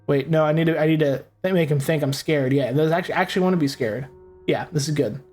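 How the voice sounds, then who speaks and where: A young man talks loosely through a horror game as he plays, circling back on his thoughts and cursing freely. His voice sits slightly high, with soft game music underneath. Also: quick pace. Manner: casual, rambling, swears freely. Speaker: gaming host. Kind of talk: let's play commentary.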